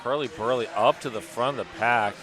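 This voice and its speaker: A man's voice: mid-range voice, fairly quick. A man doing color commentary at a live game, casual and enthusiastic.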